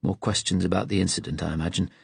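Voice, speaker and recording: A man doing an elderly porter leaning on his window ledge, gossiping with gloomy relish about past patients, his low, husky voice falling into easy, confiding chatter. The sound is close and dry. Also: steady tone, fast, no echo, full character voice. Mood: gossipy. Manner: chatty, relishes grim stories.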